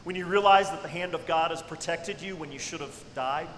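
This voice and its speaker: A man preaching a sermon with great dynamics, dropping to hushed tones and then rising to cries. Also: a little high, a little fast, a little hiss or hum. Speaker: pastor. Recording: echoey hall with long reverb.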